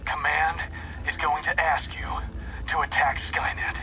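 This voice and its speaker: An actor playing a grim male resistance leader in a film, speaking in a low gravelly half-whisper. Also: little pitch movement, measured pace. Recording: film clip with score behind.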